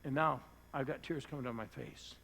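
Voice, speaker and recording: A man preaching a sermon as pastor, telling an earnest story that sinks to hushed tones at its emotional moments. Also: mid-range voice, brisk, poor audio. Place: church.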